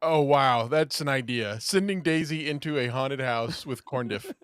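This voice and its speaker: A man's voice: medium pitch, moderate pace, a bit bright, smooth, no echo. A man co-hosting a casual comedic podcast, hesitant, with frequent ums and restarts and dry jokes. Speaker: podcast co-host.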